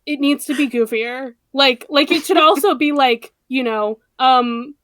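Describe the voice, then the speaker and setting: A woman's voice: high voice, measured pace, a bit bright, dry recording. A woman co-hosting a podcast, chatting enthusiastically with frequent fillers and swearing. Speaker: podcast co-host. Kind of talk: casual chat.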